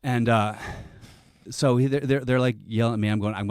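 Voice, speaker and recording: A man's voice: mid-range voice, steady tone, a little fast, darkish tone, no room sound. A man in a dry close-mic studio, telling a comic story on a podcast in a rambling, self-interrupting way with frequent restarts.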